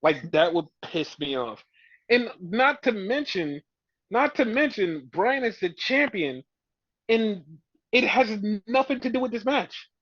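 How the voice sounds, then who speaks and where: Man, high voice, exasperated rant, swearing, casual podcast, muffled dry sound. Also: sing-song, measured pace, dry recording. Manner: ranting, exasperated, swears a lot. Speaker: podcast co-host. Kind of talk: casual wrestling review chat.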